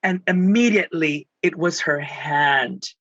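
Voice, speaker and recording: A man from Texas, a guest speaking about his spiritual healing work, tells emotional stories in an animated, theatrical way and acts out the voices he quotes. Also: fairly high pitch, measured pace, no room sound, highs cut off. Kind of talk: emotional storytelling in conversation.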